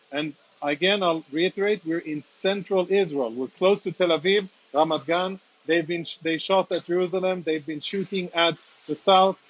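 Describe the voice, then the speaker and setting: Reporting live as a military spokesman, a man walks through a damaged apartment, earnest and audibly emotional, restarting haltingly. His voice sits high, and the highs are cut off.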